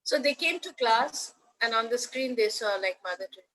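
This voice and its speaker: An older woman with an Indian English accent, speaking in a fairly high voice. She tells her stories in a chatty, animated way, slipping into playful voices for the people she quotes. It sounds like a relaxed interview conversation. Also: fairly quick, poor audio. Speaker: veteran teacher, interview guest. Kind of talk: casual storytelling interview.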